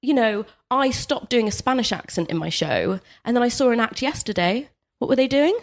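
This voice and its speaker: A woman's voice: on the high side, expressive, fairly quick. A woman comedian guest who talks in a flustered, stammering way. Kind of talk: improvised character comedy.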